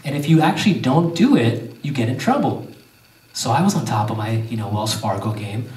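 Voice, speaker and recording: A male stand-up comedian doing an animated storytelling set with crowd work on a theater stage. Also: mid-range voice, fairly quick, recorded from a distance. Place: theater stage before a live audience. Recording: echoey theater heard from afar. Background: audience laughter.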